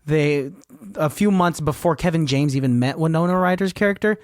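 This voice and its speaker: A man's voice: on the high side, brisk, no echo. Laid-back young man, dry close mic. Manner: laid-back, swears casually, says dude. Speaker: podcast co-host. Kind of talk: casual chat.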